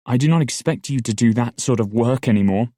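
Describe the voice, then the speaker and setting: A man's voice: medium pitch, a little fast, dark tone, dry recording, studio quality, pitched above the performer's own voice, close to an everyday voice. A man voicing an earnest, hot-tempered young man in an audiobook, with heated, pleading outbursts. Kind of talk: audiobook dialogue.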